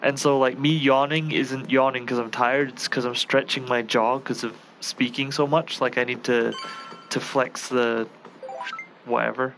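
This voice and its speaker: A young man chatting casually and haltingly while playing a game. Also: mid-range voice, level tone, a bit bright, a little hiss or hum. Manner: rambling, halting. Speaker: game streamer. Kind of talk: casual let's-play chat.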